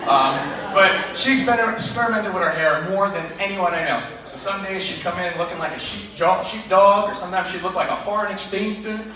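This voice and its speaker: A man's voice: high-pitched, brisk, few pauses. A man in his forties, a chemistry teacher doing a self-deprecating stand-up routine with rambling asides. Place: school auditorium stage with live audience. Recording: echoey auditorium taped from far off. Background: laughing crowd and loud room noise.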